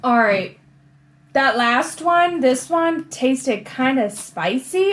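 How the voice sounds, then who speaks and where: Woman vlog co-host, slow and high-pitched, casual tasting chat. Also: expressive, a bit bright, echoey room. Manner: unhurried, thoughtful commentary. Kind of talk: casual taste-test chat.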